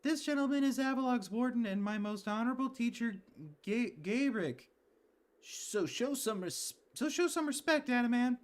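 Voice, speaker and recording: A man doing a high, formal young clan member. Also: lively intonation, normal speed.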